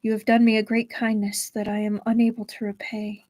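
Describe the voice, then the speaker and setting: A woman's voice: fairly high pitch, monotone, brisk, darkish tone, dry recording, close to an everyday voice. A woman reading aloud and voicing a frightened, pleading young village wife in a novel. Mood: grateful.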